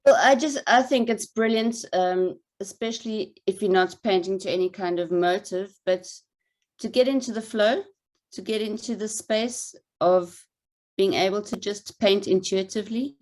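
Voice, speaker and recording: A woman's voice: medium pitch, moderate pace, a little mellow. Enthusiastic woman artist on a call. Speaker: artist guest. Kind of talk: casual video call chat. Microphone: video call.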